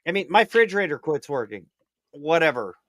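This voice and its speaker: Man, slightly high voice, dry close sound, rambling and profane casual storyteller. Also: brisk, no echo. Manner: animated, swings up in excitement. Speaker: prepper livestream co-host. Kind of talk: casual chat.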